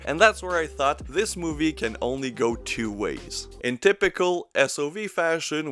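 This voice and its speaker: A man's voice: mid-range voice, fairly bright tone. A man narrating a casual, joking movie review in a sardonic tone. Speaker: film reviewer.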